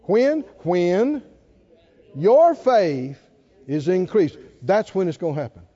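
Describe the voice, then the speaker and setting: A man preaching a sermon, swinging between loud, animated calls and hushed asides. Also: sits high, slow pace, highs cut off. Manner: animated preaching, mimics whiny voices and swings from shouting to hushed.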